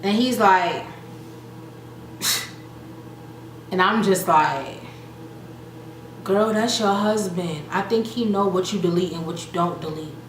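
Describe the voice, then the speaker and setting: A young adult woman casually recapping a reality show, chatty and animated, acting out the quotes with laughter. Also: on the low side, slow, long pauses. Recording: echoey room with faint noise.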